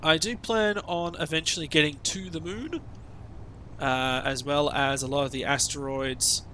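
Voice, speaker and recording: A man's voice: medium pitch, sharp tone, slight background noise. An Australian man chatting casually over his gameplay stream, rambling and swearing with sarcastic asides.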